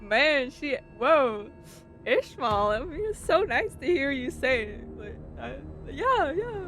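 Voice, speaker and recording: A woman's voice: high voice, big pitch swings, slow, over music. A young woman streamer giving casual game commentary, giggling and chattering with many fillers.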